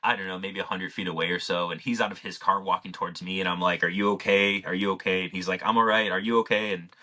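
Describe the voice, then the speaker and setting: A man's voice: low voice, steady tone, fast, pushed and bright. A man co-hosting a podcast, telling a story in a loose, rambling way, full of "like" and casual swearing. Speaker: podcast co-host.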